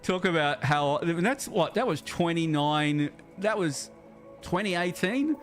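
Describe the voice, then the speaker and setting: A man's voice: fairly high pitch, expressive, measured pace, faint music behind. An Australian man chatting casually on a game livestream, rambling and repeating words as he thinks aloud, reading viewer chat as he plays. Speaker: streamer.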